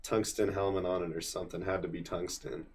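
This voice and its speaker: A man's voice: deep voice, flat delivery, brisk, a little hiss or hum. A man co-hosting an anime podcast, talking casually and laid-back, swearing and laughing often. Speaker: podcast co-host. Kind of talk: casual chat.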